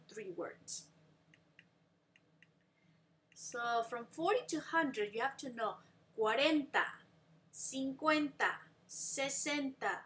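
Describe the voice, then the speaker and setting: A woman teaching a Spanish lesson, counting slowly and explaining patiently. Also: on the high side, fairly bright tone. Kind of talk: language lesson.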